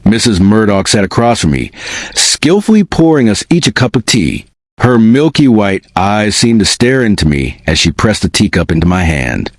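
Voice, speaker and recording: A man with a fairly low voice reads a first-person spooky tale aloud. His delivery is expressive and lively in pitch, and the recording is close and dry. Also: moderate pace, no echo. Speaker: narrator. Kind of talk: first-person storybook narration.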